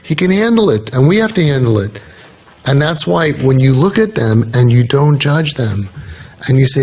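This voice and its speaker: A man's voice: medium pitch, big pitch swings, moderate pace, darkish tone. A man giving an earnest, conversational talk to parents. He tells stories and often restarts his sentences. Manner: earnest, storytelling, with frequent restarts. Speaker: speaker addressing an audience of parents. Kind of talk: conversational talk to a live audience.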